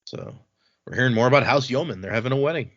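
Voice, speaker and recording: A man co-hosting a casual book podcast, animated and quick to laugh. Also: mid-range voice, muffled recording. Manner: animated, laughs easily, acts out quotes. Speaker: podcast co-host. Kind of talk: casual book discussion, reading aloud.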